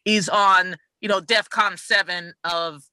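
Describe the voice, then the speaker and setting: A podcast guest with a very bright, sharp, forceful voice, recorded dry and close with no room sound. The talk is blunt and emphatic, full of swearing, with quick acted-out bits of dialogue. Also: medium pitch, steady tone, dry recording. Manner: fast bursts, acts out quick mock dialogue. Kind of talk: casual podcast chat.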